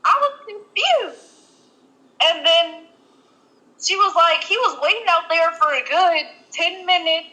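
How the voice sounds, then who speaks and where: This young adult woman podcast co-host has a high, bright, forceful voice, captured on a low-quality recording. She rambles through a casual story, restarting often and saying "like" a lot.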